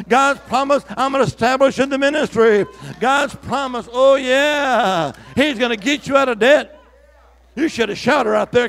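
Gravelly preacher man, high-pitched. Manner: preaching with call-and-response, swings from loud shouts to hushed whispers. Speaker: pastor. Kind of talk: sermon.

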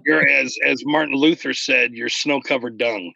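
A man in casual conversation about faith, explaining earnestly and getting animated when he retells stories. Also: mid-range voice, normal speed, creaky, no room sound, lo-fi sound.

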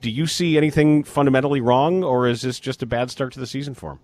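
A man hosting casual sports talk in a measured way, citing statistics with halting restarts. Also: mid-range voice, a little mellow, no echo.

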